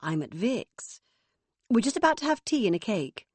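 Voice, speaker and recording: A woman's voice: medium pitch, sing-song, normal speed, a little mellow, husky, dry recording, pitched above the performer's own voice. A woman reading an audiobook voices a self-absorbed mother near sixty with a breezy, sing-song manner. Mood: airy. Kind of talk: audiobook character voice.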